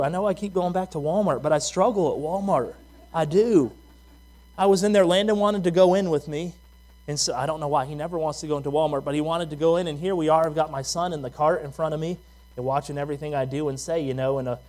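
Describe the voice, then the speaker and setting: A man preaching a sermon in an easy, conversational way, with a voice a little higher than most men's. He tells stories about himself and keeps asking the congregation questions. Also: a little mellow. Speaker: pastor.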